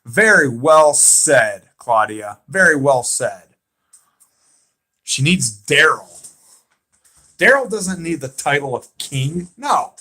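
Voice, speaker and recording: A man with a Southern accent hosting a livestream, chatting excitedly and emphatically with viewers, repeating his points. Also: a little high, slow pace, pauses often. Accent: American Southern. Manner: excitable and emphatic, repeats himself, talks back to chat. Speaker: livestream host. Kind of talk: casual fan chat on a livestream.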